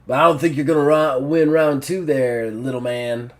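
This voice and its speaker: A hulking bull mutant, put on by a man, all swagger and threat. He taunts his prey with a slow, boastful sneer. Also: medium pitch, fairly even intonation, lightly acted. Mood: taunting. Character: hulking male bull mutant, brutish and vengeful.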